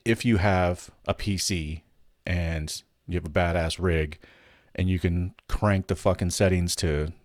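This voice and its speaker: A man with a deep, low voice riffs through casual solo commentary, swearing freely and restarting his sentences as he goes. The sound is dry and close, with no room echo. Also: fairly even intonation, a little slow. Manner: rambling, profane, frequent restarts. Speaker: host of a weekly gaming news show.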